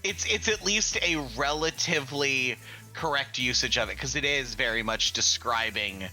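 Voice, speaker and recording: An American man co-hosting a casual podcast, animated and self-deprecating, reeling off sports stats. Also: mid-range voice, moderate pace, faint music behind, low-quality recording. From United States. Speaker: podcast co-host. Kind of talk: casual chat.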